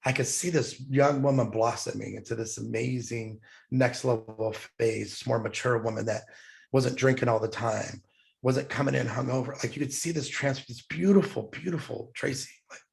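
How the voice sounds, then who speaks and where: A man's voice: mid-range voice, steady tone, moderate pace, creaky. A middle-aged man, a podcast guest, telling a personal story in an earnest, heartfelt way, getting emotional as he speaks.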